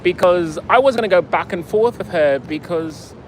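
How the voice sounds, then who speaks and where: A man tells a story in a profane, sarcastic rant, his voice sitting a little high. He is outdoors in a city, with faint street noise under the recording. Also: expressive, moderate pace, low-quality recording. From United States. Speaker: vlogger. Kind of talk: casual ranting storytelling.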